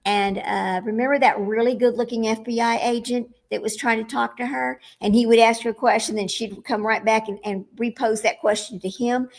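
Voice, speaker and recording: A woman hosting a casual true-crime commentary, talking bluntly and with animated indignation. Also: a little high. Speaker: host. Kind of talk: reacting to clips, casual commentary.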